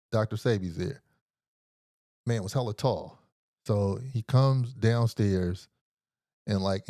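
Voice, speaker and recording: A middle-aged man hosting a podcast, telling a story in a casual, slangy and profane way, animated as he retells it. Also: lowish voice, dry recording, studio quality. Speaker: podcast host.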